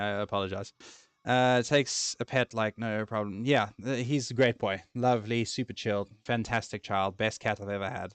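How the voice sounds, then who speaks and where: A man's voice: fairly low pitch, moderate pace, fairly bright tone, clear, resonant tone, dry recording, faint music behind. A young man chatting casually while playing a game, rambling and easily distracted, self-deprecating. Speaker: gaming streamer.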